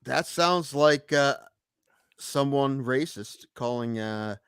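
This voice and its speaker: A man's voice: medium pitch, takes it slowly, a bit bright, clean tone, no room sound, studio quality. A man co-hosting a podcast, chatting casually and asking amused questions. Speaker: podcast co-host. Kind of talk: casual chat.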